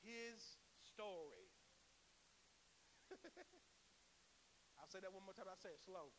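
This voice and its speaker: A man with an American accent preaching a sermon as a pastor, with laughing asides, call-and-response, and a build to shouted praise. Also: sits high, very animated, normal speed, long reverb tail, a little hiss or hum. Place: church sanctuary.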